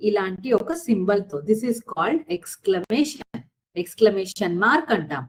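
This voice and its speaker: Lively Telugu-accented woman teacher. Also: mid-range voice, poor audio. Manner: explains slowly, repeats points, asks and answers her own questions. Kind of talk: classroom lesson.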